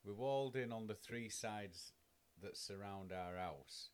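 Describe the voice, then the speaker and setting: A man's voice: fairly low pitch, a little slow, clear, resonant tone. A man, co-hosting a podcast in casual chat, blunt and teasing, swearing freely. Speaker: podcast co-host.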